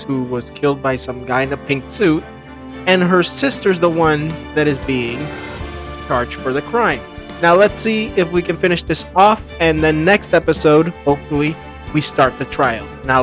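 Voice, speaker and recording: A man's voice: fairly high pitch, a little slow. A man giving casual let's-play commentary, hesitant and full of ums. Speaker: gamer. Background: video game music.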